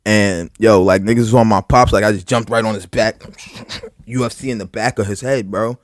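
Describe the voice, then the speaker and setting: A man's voice: fairly low pitch, fairly quick, no echo, clean studio sound. A man co-hosting a podcast, telling a story in casual, profane talk full of filler words and restarts. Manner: heavy filler words, profane, animated retelling. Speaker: podcast co-host.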